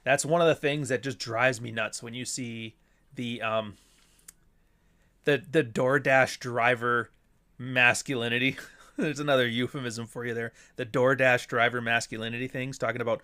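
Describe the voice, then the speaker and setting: A man's voice: mid-range voice, brisk, pushed and bright. Blunt, profane, sardonic male streamer. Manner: asks and answers his own rhetorical questions. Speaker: livestream host answering chat. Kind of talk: casual livestream commentary.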